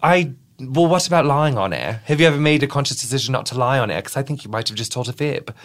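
A man hosting a podcast in casual chat, excitable and rambling, swearing freely. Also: medium pitch, fast. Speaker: podcast host.

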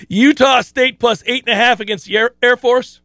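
High-voiced rambling man, bone-dry sound. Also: normal speed, vocal fry, bright, forceful tone, dry recording. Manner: rambling, self-interrupting, laughs often. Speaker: sports betting co-host. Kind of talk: casual sports betting chat.

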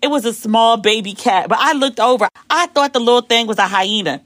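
An American woman hosting a podcast, telling a long casual story in an animated way, swearing freely and acting out the voices of people she quotes. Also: fairly high pitch, a little fast, no room sound. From United States. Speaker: podcast host.

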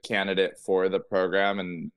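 A man's voice: low voice, flat delivery, moderate pace, clean tone, dry recording. A man who is a drag performer, a guest on a podcast, talking earnestly in a rambling way with many restarts. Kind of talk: casual interview chat.

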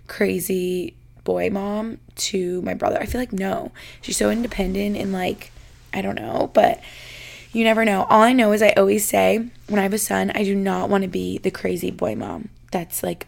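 Young woman rambling on her podcast, bit of vocal fry, like like like. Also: mid-range voice, moderate pace. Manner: chatty, says "like" constantly, laughs while reading. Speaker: podcast host reading listener confessions. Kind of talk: casual chat.

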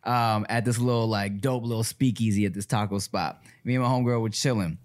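A man co-hosting a relaxed podcast with friends. He tells stories in an animated way, acting out what others said and breaking into laughter. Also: lowish voice, brisk. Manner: animated storyteller, acts out quotes, laughs often. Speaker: podcast co-host. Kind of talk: casual chat.

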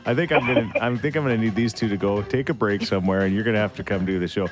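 A man's voice: on the low side, very fast. A man hosting a morning radio show, chatty and playful as he takes listener calls. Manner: upbeat, chatty, playful teasing. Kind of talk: phone-in quiz banter.

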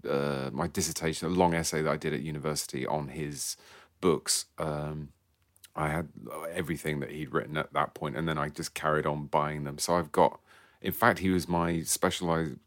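A man in his forties, a guest author, chatting in a wry, self-deprecating way with halting restarts. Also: very deep voice, fairly even intonation, a bit bright, no echo, clean studio sound. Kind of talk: casual interview chat. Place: studio.

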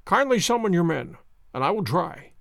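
A man's voice: sits high, sing-song, normal speed, vocal fry, dry recording, clean studio sound, full character voice. A man reading the lines of a confident, wry detective, poised and commanding in an audiobook. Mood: assured. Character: sharp, confident male detective, theatrical.

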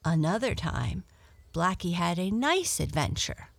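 Slow, gravelly woman reading a storybook. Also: on the low side, sing-song, no room sound. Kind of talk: reading a children's book aloud.

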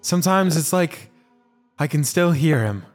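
Deadpan male player, expressive pitch. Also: measured pace, faint music behind. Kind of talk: playing a character in a tabletop game.

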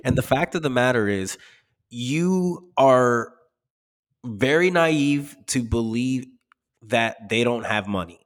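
A man's voice: mid-range voice, animated, slow, in a large hall. A man co-hosting a casual soccer podcast, blunt and profane, laughing often. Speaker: podcast co-host. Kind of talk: casual sports podcast chat.

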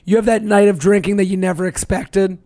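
A man's voice: high voice, steady tone, brisk, warm tone, no echo, clean studio sound. A man with a US Northeast accent, a comedian co-hosting a podcast, riffing in casual joking banter. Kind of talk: casual chat.

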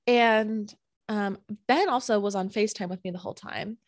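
A young woman co-hosting a podcast, telling a story in a casual, animated way, full of fillers and acted-out quotes. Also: mid-range voice, moderate pace, no room sound. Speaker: podcast co-host.

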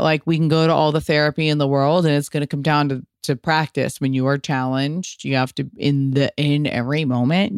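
A woman in her thirties hosting a solo podcast, answering listener questions in a candid, profane, animated way. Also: low-pitched, clean tone, no echo, clean studio sound. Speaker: podcast host.

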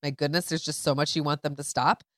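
A woman's voice: sits low, quick pace, no echo, studio quality. A woman co-hosting a parenting podcast in casual chat, reading out listener quotes and talking them through. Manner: reads listener quotes aloud, relaxed and conversational. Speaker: podcast co-host.

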